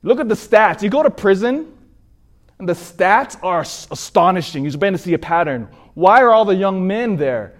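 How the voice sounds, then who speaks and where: Expressive priest preaching with lively pitch. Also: male voice. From California. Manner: earnest storytelling with emphatic rises. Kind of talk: sermon.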